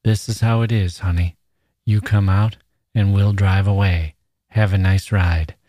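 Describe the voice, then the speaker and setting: A man's voice: low voice, steady tone, a little slow, warm tone, no echo, studio quality. A man reading aloud voices a menacing young man who talks in an insistent, slangy, wheedling way. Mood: coaxing. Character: menacing young man, smooth-talking predator.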